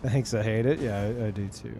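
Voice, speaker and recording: A man's voice: lowish voice, a little fast, music in the background. A young man streaming a video game, ranting casually with lots of swearing and filler words. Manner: profane, animated, lots of fillers. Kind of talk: casual live-stream rant while gaming.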